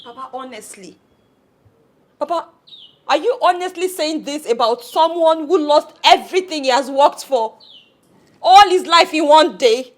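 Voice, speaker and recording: A distraught Nigerian daughter. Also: female voice, very high voice, very animated, moderate pace, a bit bright, heavily acted. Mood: indignant. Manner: pleading, emotional, insistent. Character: distraught young woman, grieving fiancé's loss.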